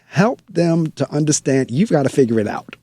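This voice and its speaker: A man hosting a conversational interview, speaking as a school principal. His voice is mellow and dry, recorded close with little room sound. He tells stories with animated emphasis and repeats phrases to drive a point home. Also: a little high, moderate pace, slightly rough, no room sound.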